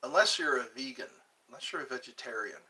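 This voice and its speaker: A man runs his own casual vlog, rambling thoughtfully from subject to subject. He talks fairly quickly in a sharp, mid-range voice, recorded with him a bit away from the mic.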